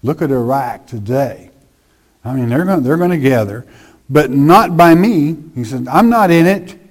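A man preaching a sermon in a slow, conversational way, reading scripture with emphasis. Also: mid-range voice, lively intonation.

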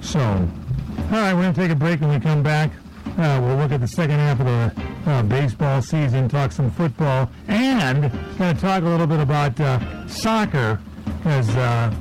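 A man's voice: fairly high pitch, animated, normal speed, darkish tone, faint music behind, poor audio. A man hosting a sports radio talk show in a folksy, casual way.

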